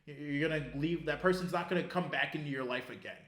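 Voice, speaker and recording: Animated, profane man ranting on a podcast. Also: fairly high pitch, fast, roomy sound. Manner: animated, profane, rambling with restarts. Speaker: podcast co-host. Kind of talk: casual sports chat.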